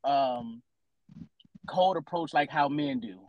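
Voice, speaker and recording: A man's voice: mid-range voice, takes it slowly, no echo, muffled recording. A man in his thirties on a casual adult chat podcast, teasing a co-host with questions and then explaining his opinions at length. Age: 30s.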